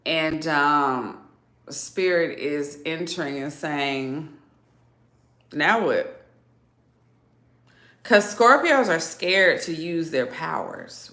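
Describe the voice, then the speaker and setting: Slow, low-voiced woman doing a zodiac reading. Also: roomy sound. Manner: animated, chatty, laughs often. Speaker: tarot reader.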